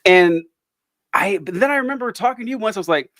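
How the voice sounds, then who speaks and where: A man in his thirties hosting a casual chat with his brother, relaxed and laughing often. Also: high voice, fast talker, no echo, studio quality. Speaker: podcast host.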